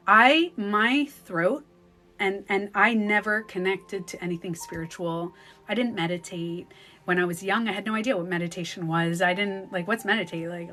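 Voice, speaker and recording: A woman talking casually as a spiritual coach on a phone livestream, animated and acting out the voices she quotes. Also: medium pitch, normal speed, faint music behind.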